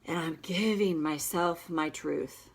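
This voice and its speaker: Brief: woman tapping coach, low voice, unhurried, emphatic repeated affirmations. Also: slightly rough. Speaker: tapping practitioner. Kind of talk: guided tapping session.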